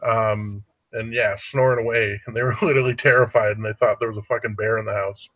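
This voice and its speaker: Laid-back swearing man, bright tone. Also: fairly low pitch, level tone, a little fast, dry recording, muffled recording. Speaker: podcast co-host. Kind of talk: casual crude banter.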